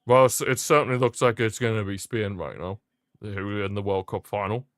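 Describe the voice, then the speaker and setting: A man's voice: fairly low pitch, a little fast, dry recording. Guy doing a football watchalong stream, chatty, repeats stuff, gets hyped, dry close sound. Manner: chatty, repeats phrases, excitable bursts. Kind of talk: casual live match commentary.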